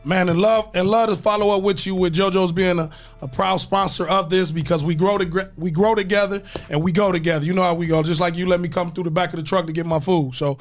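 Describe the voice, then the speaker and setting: A man's voice: sits high, fairly even intonation, quick pace, faint music behind. A man hosting a morning radio call-in show, joking and laughing loosely with callers. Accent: Midwestern American.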